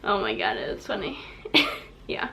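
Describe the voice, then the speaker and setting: A woman's voice: moderate pace, sharp tone. A young adult woman vlogging, telling a story in a chatty way, filling her talk with "like" and laughing along. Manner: chatty, fills speech with "like", laughs through the story. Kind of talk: casual storytelling vlog.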